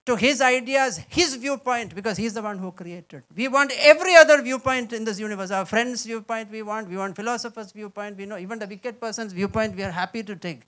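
A man preaching a sermon, reading scripture with slow, heavy stress and mixing quiet asides with loud exclamations. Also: high-pitched. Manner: emphatic, reads scripture aloud with slow dramatic stress.

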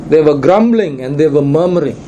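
A man's voice: a little high, lively intonation, fairly quick, dark tone, slight background noise, low-quality recording. A man preaching a Sunday sermon in church, repeating key lines for emphasis. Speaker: pastor.

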